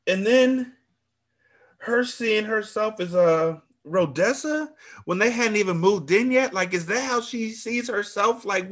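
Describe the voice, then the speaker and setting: A man hosting a book club podcast reacts to the story with lively, animated exclamations. His pitch swings widely and he stretches out his reactions. He often repeats himself as he thinks aloud. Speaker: podcast host.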